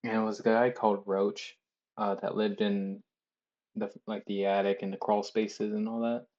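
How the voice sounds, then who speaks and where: A man's voice: fairly low pitch, flat delivery, normal speed, a little mellow, highs cut off. A man chatting casually as he draws, rambling and swearing with a loose, joking manner. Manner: loose, profane, chuckling storyteller. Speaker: artist drawing on stream. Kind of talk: casual rambling chat while drawing.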